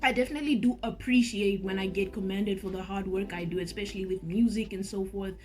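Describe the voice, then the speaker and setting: A woman telling a story to her viewers in a lively, animated vlog, speaking straight to the audience. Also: mid-range voice, quick pace, soft background music. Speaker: vlogger and singer.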